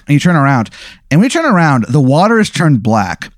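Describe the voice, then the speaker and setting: A man's voice: medium pitch, sing-song, quick pace, no room sound, studio quality. Rambling man spinning a comic tale. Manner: rambling, full of fillers, giggling. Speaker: podcast host. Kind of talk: improvised comedic storytelling.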